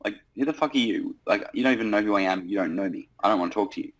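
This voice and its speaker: Male sales coach, low voice, blunt and sweary, lively delivery. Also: rapid-fire, a little hiss or hum, low-quality recording. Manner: blunt, profane, animated. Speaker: sales trainer. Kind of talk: casual coaching talk.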